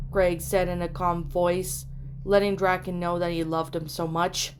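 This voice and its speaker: A woman with a fairly low voice reads a fan-written story aloud. Her delivery is steady and plain, with small slips that she rereads. Soft music plays faintly underneath. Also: unhurried. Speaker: fan fiction reader. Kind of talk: reading fan fiction aloud. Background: soft background music.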